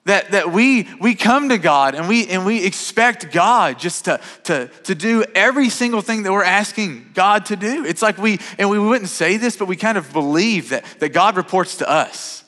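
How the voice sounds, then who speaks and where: Preaching at normal speed with few pauses, a thirty-something pastor keeps a lively, conversational sermon going while tripping over and repeating his words. His slightly high, sharply bright voice echoes with the long reverb of a church sanctuary.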